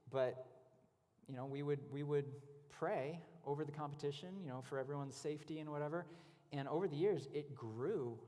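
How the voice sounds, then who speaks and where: Casual male speaker, storytelling testimony, mid pitch, long hall reverb. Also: a little mellow. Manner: conversational storytelling with many fillers. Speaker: guest speaker. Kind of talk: testimony talk at a church event. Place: church hall.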